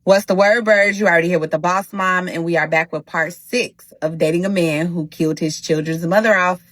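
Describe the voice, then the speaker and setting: A woman hosting a casual storytime vlog, talking straight to her viewers in an animated, slangy way. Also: fairly low pitch, brisk, no room sound, low-quality recording. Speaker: storytime host.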